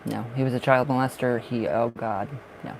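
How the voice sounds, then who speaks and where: A chatty man with a raspy, gravelly smoker's voice talks his way through a live tarot reading stream. His pitch sits in an ordinary middle range, and now and then he sounds short of breath. A faint background noise runs under the recording. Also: steady tone, normal speed, rough recording. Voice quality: raspy from smoking. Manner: rambling, chatty, laughs often. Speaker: livestream tarot reader. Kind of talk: casual livestream chat.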